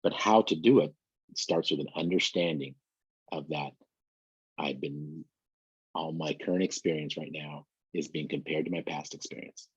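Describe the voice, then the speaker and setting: A man's voice: very deep voice, moderate pace, slightly rough, no room sound, highs cut off. A man giving a training presentation who explains ideas through everyday examples and speaks straight to his listeners.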